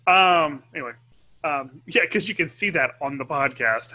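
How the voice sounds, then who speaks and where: A man's voice: a little high, animated, normal speed, pushed and bright. A man co-hosting a podcast, chatting casually and making joking asides. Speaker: podcast co-host. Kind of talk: casual chat.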